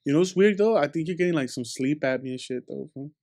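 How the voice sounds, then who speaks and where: A man's voice: a little high, fast talker. A man on a casual podcast, teasing a friend with slang and acting out a story. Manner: teasing, slangy, ends lines with "fool"; animated storyteller, acts out what others said. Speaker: podcast co-host. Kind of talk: casual chat.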